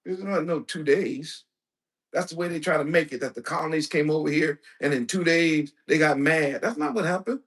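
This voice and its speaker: A male preacher giving a lecture-style sermon, emphatic, asking rhetorical questions and breaking into bursts of shouting. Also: on the high side, moderate pace. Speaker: preacher and teacher.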